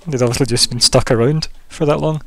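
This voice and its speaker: A man narrating as game master of a tabletop game, talking in an animated way with many fillers. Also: medium pitch, fast talker, creaky, a little hiss or hum.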